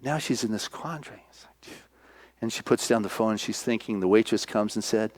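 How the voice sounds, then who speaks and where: A male minister preaching, retelling a film as an animated storyteller who acts out the voices. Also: on the low side, brisk.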